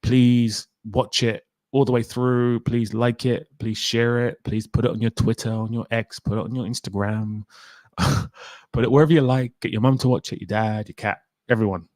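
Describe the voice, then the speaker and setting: A man's voice: medium pitch, steady tone, normal speed, a little mellow, dry recording, studio quality. A young man hosting a casual livestream, chatty and opinionated as he answers viewer questions. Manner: opinionated, chatty, reads out chat comments. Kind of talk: casual live stream chat.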